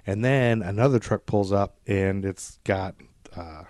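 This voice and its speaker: A man's voice: lowish voice, unhurried, darkish tone, no echo. A man hosting a podcast, retelling a story in rambling casual chat and acting out quotes with swearing. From Scottish descent, grew up in America. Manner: rambling, acts out quotes in shifting voices, swears freely. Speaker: podcast host.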